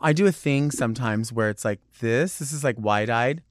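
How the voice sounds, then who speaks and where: A man's voice: mid-range voice, moderate pace, no room sound. Guy hosting his podcast solo, just rambling off topic, lots of likes, dry close sound. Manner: rambling, digressive, chatty with many "like"s. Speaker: podcast host. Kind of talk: casual solo monologue.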